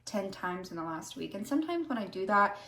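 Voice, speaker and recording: A young woman rambling earnestly through a casual tarot reading, filling her talk with "like" and "um". Her voice sits at an ordinary middle pitch. The room gives it a noticeable echo. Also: very animated, fairly quick, bright, forceful tone, slight background noise. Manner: rambling, earnest, heavy use of 'like' and 'um'. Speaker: tarot reader. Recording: roomy echo.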